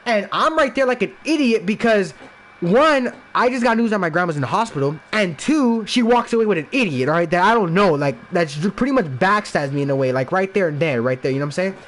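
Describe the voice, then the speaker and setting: High-pitched and fairly bright, his voice moves briskly with lively intonation. He's a young man from around Los Angeles, guesting on a podcast and chatting casually through a rambling, profane story about himself, full of "like" and false starts.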